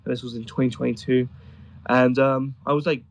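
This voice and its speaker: A man's voice: mid-range voice, little pitch movement, fairly quick, low-quality recording. A man talking casually as a guest, telling rambling, amused stories with many fillers. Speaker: guest describing travels in Afghanistan. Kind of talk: casual conversation on a voice chat.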